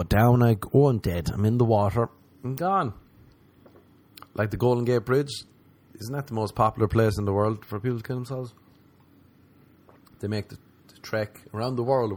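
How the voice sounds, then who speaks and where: A man's voice: normal speed, a little mellow. Profane sarcastic man ranting comedically. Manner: sarcastic, profane, mocking with high put-on voices. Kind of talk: comedic monologue rant.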